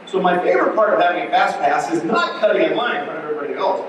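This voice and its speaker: Middle-aged male pastor, animated sermon storyteller, slightly high voice, very echoey hall from a distant mic. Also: rapid-fire. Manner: animated storyteller with repeated restarts. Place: church sanctuary.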